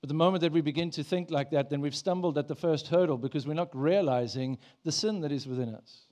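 A man's voice: on the high side, fast talker, a little mellow. Man preaching a chatty sermon. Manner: conversational, asks the congregation questions. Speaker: pastor. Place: church.

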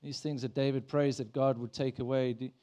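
Pastor, male, mid-pitched voice, conversational sermon, questions to the congregation, church. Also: fairly even intonation, brisk, warm tone.

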